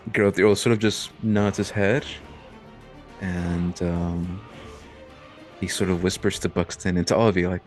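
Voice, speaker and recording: A man narrating a tabletop game as game master, in a loose, rambling way full of fillers. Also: sits low.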